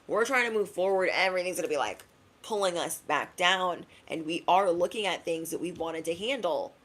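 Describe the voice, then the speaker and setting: A young woman giving a casual spiritual pep talk to her viewers, chatty and slangy, acting out quick asides. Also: fairly low pitch, a bit bright. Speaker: spiritual reader.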